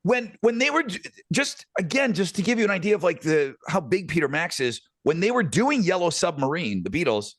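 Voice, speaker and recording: A middle-aged man hosts a podcast, wandering through a story with plenty of ums and restarts. His pitch rises and falls a lot as he talks. The recording is dry, with no room sound. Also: fairly quick, no echo. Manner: rambling, animated anecdotes with many fillers. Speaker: podcast host. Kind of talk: casual storytelling chat.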